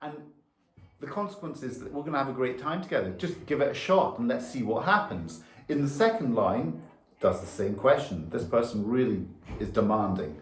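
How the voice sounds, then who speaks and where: A patient male violin teacher explains each step as he demonstrates. His voice sits at an ordinary pitch and carries some echo from the room, with faint violin music behind it. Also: sing-song, moderate pace. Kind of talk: instructional lesson.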